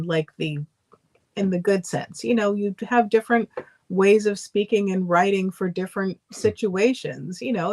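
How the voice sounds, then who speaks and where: A woman's voice: on the low side, a little mellow. A woman co-hosting a livestream in casual chat, thoughtfully explaining her views at length with many fillers. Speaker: livestream co-host.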